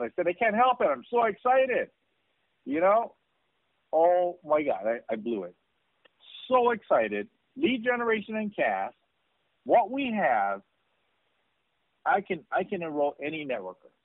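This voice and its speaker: Excitable man on a tinny phone line. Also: sits high, gravelly, dry recording. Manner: excitable and repetitive. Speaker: network marketing presenter. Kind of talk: sales training talk.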